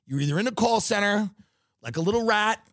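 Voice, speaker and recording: A man's voice: high-pitched, expressive, brisk, fairly bright tone, no echo. Brief: man, sarcastic swearing comedian, riffing, dry close recording. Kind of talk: comedic rant.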